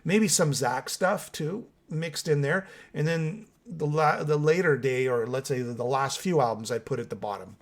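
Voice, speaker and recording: A man's voice: a little high, moderate pace, few pauses. A man hosting a casual metal music podcast, giving opinionated takes and talking straight to his viewers. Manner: opinionated, chatty, addresses viewers directly. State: still waking up with coffee. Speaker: host of a metal music channel. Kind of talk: casual solo podcast reacting and reading comments.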